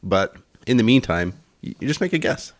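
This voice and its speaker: A man's voice: on the low side, big pitch swings, normal speed, dry recording, clean studio sound. A man co-hosting a casual podcast, quizzing his partner on odd words, laughing often and spelling words out. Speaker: podcast co-host quizzing on word meanings.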